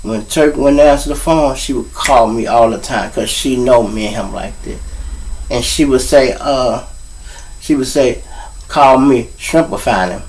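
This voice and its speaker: A man's voice: mid-range voice, unhurried, darkish tone, far from the mic, poor audio. A man from Chicago with a Chicago accent, hosting a show and telling street stories in a rambling, profane way that keeps turning to the listeners. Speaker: host. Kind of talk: street storytelling monologue.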